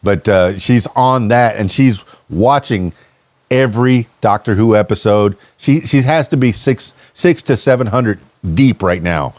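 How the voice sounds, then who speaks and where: A man's voice: fairly low pitch, a little slow, a little mellow, dry recording. A middle-aged American man hosting a casual podcast interview, curious and rambling, often restarting his sentences. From United States. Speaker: podcast host.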